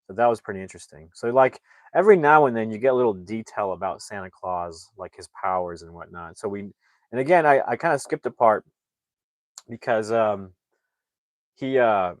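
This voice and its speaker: A man's voice: on the low side, normal speed, dry recording. A man reviewing a movie, casually retelling the plot in a rambling way with lots of fillers and restarts.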